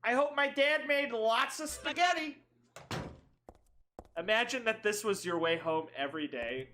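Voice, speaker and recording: Woman, gaming streamer, casual commentary, sarcastic, jokey, bright voice. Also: fairly high pitch, lively intonation, a little slow, slight background noise. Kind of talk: casual let's play commentary.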